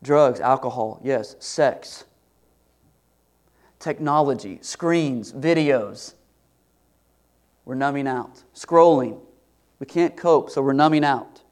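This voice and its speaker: A pastor preaching a sermon, earnest and building to emphatic questions. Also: male voice, mid-range voice, slow pace, long pauses.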